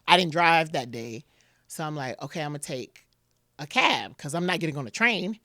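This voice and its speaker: A woman's voice: sits low, moderate pace, no room sound, clean studio sound. A woman guest on a podcast, telling a personal story and acting out what people said, with plenty of "like" fillers. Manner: animated retelling, acting out quotes, many "like" fillers.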